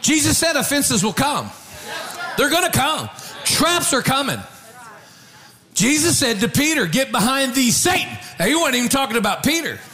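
A man preaching a sermon, telling a story with animated shouts and call-outs to the congregation. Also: very high voice, normal speed, pauses often.

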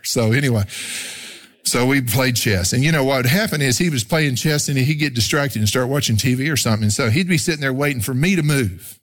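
A male pastor preaching a sermon, lively and emphatic, shifting from shouts to quiet storytelling. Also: fairly quick. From Oklahoma. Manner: animated preaching, swings from loud shouting to low storytelling. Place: church room with congregation.

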